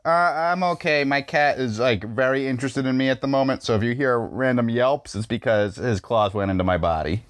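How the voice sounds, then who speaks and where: A man's voice: mid-range voice, brisk, hardly any pauses, dry recording. A man co-hosting a podcast in casual chat, often stammering as he chimes in. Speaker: podcast co-host.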